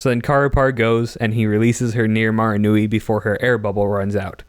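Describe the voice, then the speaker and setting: A man's voice: on the low side, level tone, a little fast, clean tone, no room sound. Chatty young-sounding podcast man, dry mic. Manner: chatty, laughs often, slips into character voices. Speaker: podcast co-host recapping a story. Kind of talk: casual chat.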